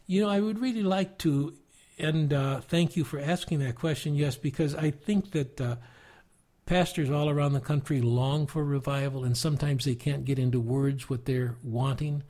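An older American man, a preacher, telling stories earnestly and reflectively in conversation, with halting restarts and soft chuckles. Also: a little high. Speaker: guest preacher.

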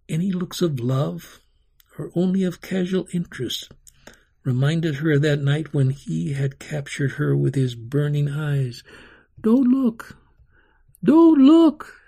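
A man reading a story aloud as scripted narration, slow and dramatic. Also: a little high, vocal fry, warm tone, slightly rough. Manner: slow, dramatic storytelling with sung-out carnival sounds.

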